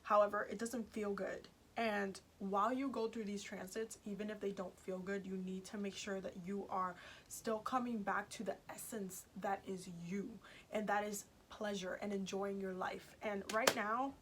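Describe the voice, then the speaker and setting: A woman's voice: mid-range voice, steady tone, moderate pace, fairly bright tone, slight background noise. A woman giving a casual, chatty tarot reading to her viewers, emphatic and repeating herself, with many fillers. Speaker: tarot reader.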